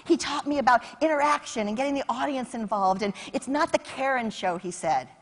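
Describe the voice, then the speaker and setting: A middle-aged woman giving a lively storytelling keynote on a conference stage, acting out phone calls and shouting her punchlines. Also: high-pitched, brisk. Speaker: keynote speaker.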